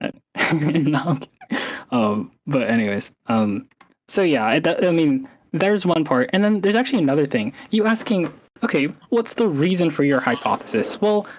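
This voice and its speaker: A man's voice: fairly high pitch, highs cut off. A man in a heated online debate, rambling and hesitant with many restarts.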